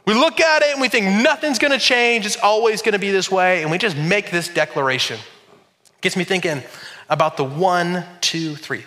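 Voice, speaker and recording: A middle-aged man preaching a sermon as pastor, telling stories with animated, shouted quotes. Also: high-pitched.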